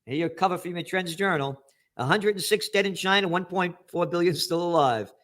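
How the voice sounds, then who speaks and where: A middle-aged man ranting through news headlines, profane and angry, shouting to stress his points. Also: high-pitched, a little fast. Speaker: trends commentator.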